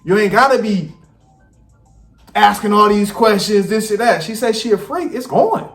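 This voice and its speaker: A man, hosting a reaction video and giving blunt, profane, animated commentary. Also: high-pitched, normal speed. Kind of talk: casual commentary. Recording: echoey room with faint music.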